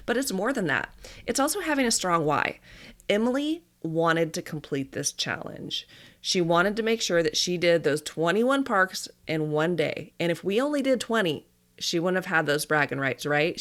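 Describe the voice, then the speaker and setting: A woman in her thirties hosts a podcast and tells a family story in a relaxed monologue. Her voice sits low for a woman, and she talks in a chatty, animated way, dropping in small laughs as she goes. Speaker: podcast host; dietitian and mother.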